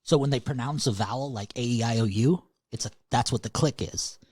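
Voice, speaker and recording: Husky-voiced man joking crudely. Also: medium pitch, fairly quick, darkish tone, no room sound, studio quality. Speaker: podcast co-host. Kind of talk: casual joking chat.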